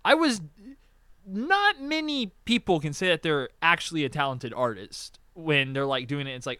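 A man's voice: on the high side, big pitch swings, moderate pace, pushed and bright, dry recording. A man chatting casually as a podcast co-host, acting out quotes and swearing as he tells stories. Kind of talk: casual chat.

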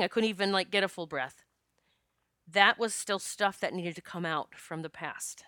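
Candid woman storyteller; crisp, bright voice; dry close sound. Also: mid-range voice, no echo. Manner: candid, laughs often, swears freely. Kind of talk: casual storytelling monologue.

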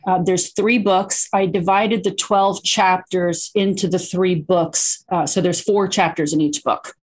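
A middle-aged woman and parent, guesting on an interview show and talking in an animated storytelling way, full of "you know" and restarts. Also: lowish voice, unhurried, husky. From United States. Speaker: guest, children's book author and parent. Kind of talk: casual interview chat.

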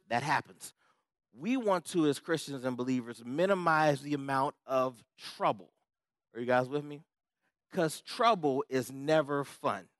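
A pastor preaching a conversational sermon, repeating key words for emphasis and checking in with the congregation. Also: male voice, mid-range voice, fairly bright tone, no room sound. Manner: repetitive, emphatic phrasing.

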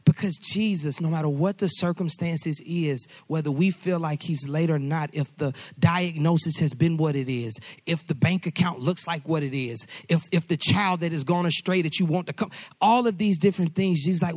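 A man's voice: fairly high pitch, normal speed, dry recording. A man preaching a sermon with passion, repeating phrases and rising into a singsong cadence. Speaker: pastor.

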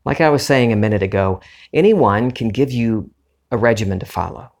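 A middle-aged man hosting a podcast, talking in a calm, earnest and unhurried way about spiritual ideas. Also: on the low side, gravelly. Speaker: podcast host. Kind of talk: reflective spiritual talk.

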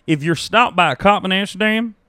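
A man's voice: sits high, a little fast, pushed and bright, no echo, clean studio sound, pitched above the performer's own voice. A man voicing a chatty, laid-back hitman in a put-on Southern accent during a comedic script read-through. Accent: put-on American Southern. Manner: drawling, conversational, crude.

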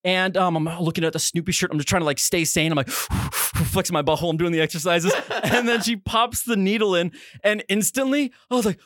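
Man, podcast co-host, high voice, rapid delivery, animated storyteller who yelps out the quotes, dry close sound. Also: dry recording. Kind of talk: casual storytelling.

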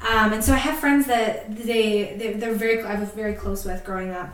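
A woman co-hosting a podcast in casual chat, telling stories with fillers and quick laughs. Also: mid-range voice, fairly even intonation, reverberant, recorded from a distance, rough recording. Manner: chatty, laughs often, many fillers. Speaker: podcast co-host.

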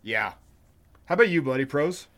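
A man's voice: a little high, animated, moderate pace, fairly bright tone. A man co-hosting a podcast in casual chat, stammering through restarts, laughing often and joking crudely. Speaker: podcast co-host.

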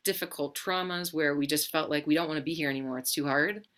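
A woman speaking gently and reassuringly, slow and deliberate, in a reflective spiritual talk. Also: low voice.

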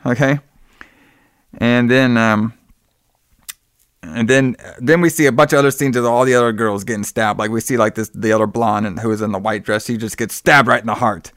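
In casual chat, a podcast co-host recaps a movie in a rambling, profane way, acting out the characters' lines. His mid-range voice is fairly bright with fairly even intonation and a moderate pace. The sound is clean studio quality with no echo.

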